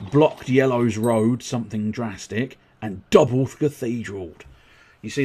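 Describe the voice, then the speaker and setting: A man casually commenting on a board game he plays live, chatty and self-mocking, with plenty of swearing. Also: mid-range voice. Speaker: livestreamer playing board games. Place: at home.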